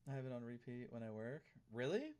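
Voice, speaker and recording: A man's voice: mid-range voice, sing-song, quick pace, a little mellow. Chatty male streamer answering his chat. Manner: chatty, reads and answers chat aloud, repeats phrases. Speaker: live streamer. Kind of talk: casual live-stream chat.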